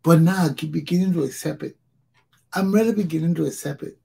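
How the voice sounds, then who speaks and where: A Liberian-accented man hosts his own talk show in a passionate solo monologue. His voice is deeply husky and gravelly, with a dark, mellow tone. He drives his points home by repeating phrases. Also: fast talker. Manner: emphatic, repeats phrases for stress.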